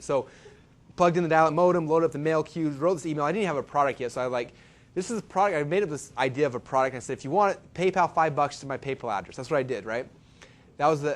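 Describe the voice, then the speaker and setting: A man presenting a live marketing seminar, telling stories and tossing questions and asides to the audience. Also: mid-range voice. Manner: fast, animated storytelling with asides to the audience.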